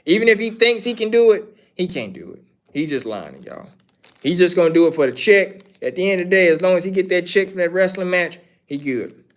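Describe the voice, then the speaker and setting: A man's voice: high voice, lively intonation, fairly quick. A man hosting a casual livestream, answering chat questions in a rambling, opinionated way and repeating his points. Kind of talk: casual wrestling commentary.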